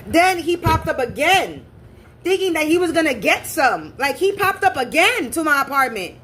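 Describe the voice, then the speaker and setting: A woman's voice: high voice, very animated, normal speed, a bit bright. A woman telling a personal story in a casual, blunt and profane way, repeating points for emphasis. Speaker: spiritual reader and channel host.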